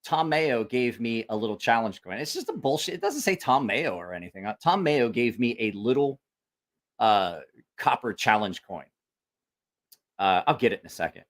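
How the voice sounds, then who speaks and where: A man's voice: medium pitch, lively intonation, normal speed. A man hosting a casual livestream and telling a rambling, profane story full of quoted voices. He has a school-age kid. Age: adult with school-age child. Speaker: livestream host.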